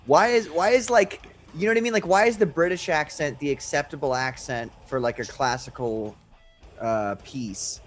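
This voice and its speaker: A man's voice: on the high side, normal speed. Rambling co-host man, faint guitar behind. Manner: rambling, full of fillers like "like". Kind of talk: casual livestream chat.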